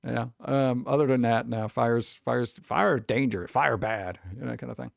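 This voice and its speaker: A man's voice: medium pitch, moderate pace, gravelly, no echo, highs cut off. A man streamer chatting casually and rambling with his live chat, swearing freely and talking straight to his viewers.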